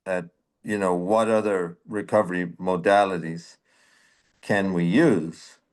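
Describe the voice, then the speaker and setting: A man's voice: low voice, fairly even intonation, takes it slowly, a little mellow. A man hosting a reflective conversation, thoughtful and conversational, often searching for words. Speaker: podcast host.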